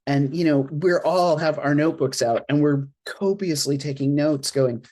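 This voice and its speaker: An interfaith minister talking casually on a panel from their apartment over a video call, chatty and expressive, laughing often. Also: mid-range voice, moderate pace. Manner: chatty and expressive, laughs often, acts out reactions in quoted asides. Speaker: interfaith minister and board treasurer on an alumni panel. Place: at home in an apartment.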